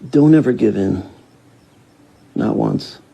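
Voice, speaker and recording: A man's voice: fairly low pitch, big pitch swings, slow, gravelly, breathy edge, heavily acted, low-quality recording. An actor playing a brash, reckless, foul-mouthed man in film dialogue. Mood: earnest. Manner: swearing, loud and mocking.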